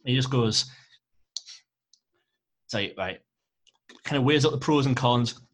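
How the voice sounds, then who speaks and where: A man's voice: medium pitch, measured pace. A man narrating a tabletop game as game master, rambling with lots of fillers. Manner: rambling, filler-heavy storytelling.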